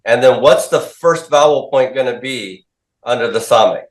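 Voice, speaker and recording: Here a man with a mid-range voice and normal speed leads a class through questions and drills, saying students' answers back to them. The recording captures a call-and-response lecture in a reverberant classroom.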